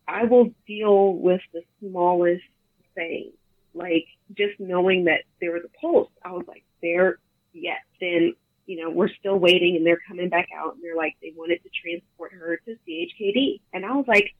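A woman, a bereaved mother, telling the story of her daughter's death haltingly as a guest in an interview. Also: lowish voice, no room sound. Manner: halting, emotional, quotes others often. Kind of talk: emotional personal account. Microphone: phone. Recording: tinny phone line.

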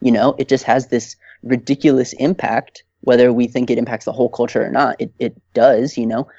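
A man's voice: mid-range voice, level tone, fairly quick, dark tone, no room sound, highs cut off. A man in casual podcast chat, speaking in a heated, emphatic way and often restarting his sentences. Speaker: podcast guest.

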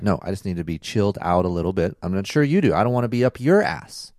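Profane, rambling low-voiced man. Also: fast talker, no room sound, studio quality. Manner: rambling, profane, animated storytelling. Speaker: podcast co-host. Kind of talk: casual chat.

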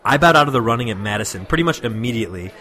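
A man's voice: medium pitch, lively intonation, very fast, bright, forceful tone. A man co-hosting a comedy podcast, talking in an exasperated, sarcastic way. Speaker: podcast co-host. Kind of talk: improvised comedy sketch.

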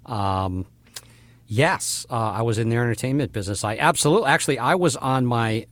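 A man in his fifties hosting an interview, talking quickly and casually. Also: medium pitch, animated, a bit bright. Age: 50s. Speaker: podcast host.

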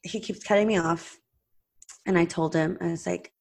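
Lowish-voiced woman on a podcast mic, chatty and animated, lots of "like"s. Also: moderate pace, gravelly. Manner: animated, retells a phone call with lively quoted voices; chatty, many "like"s and restarts. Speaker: podcast host and practice owner. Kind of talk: casual podcast storytelling. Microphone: podcast microphone.

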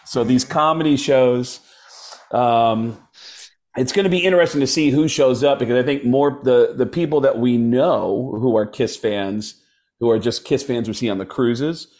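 A man who is a comedian guest, telling animated stories and switching into voices for the people he quotes. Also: mid-range voice. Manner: lively anecdotes with quick voice switches for quoted people. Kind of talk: animated storytelling chat.

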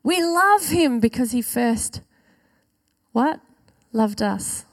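A woman with a high, light voice delivers a church sermon. She is earnest and emphatic, leaning on key phrases and drawing them out slowly for weight. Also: expressive. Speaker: preacher.

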